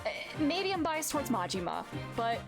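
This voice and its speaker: A young woman streamer giving excitable, giggly commentary while playing a video game. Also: high-pitched, gravelly. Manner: excitable, giggly, quick asides. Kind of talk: let's-play commentary. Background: loud game music.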